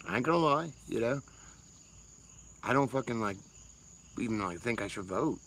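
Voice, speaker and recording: A man's voice: mid-range voice, expressive, moderate pace, pauses often, fairly bright tone, slight background noise, poor audio. A man, rambling casually and swearing freely on a livestream while answering chat. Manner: rambling, profane, laid-back.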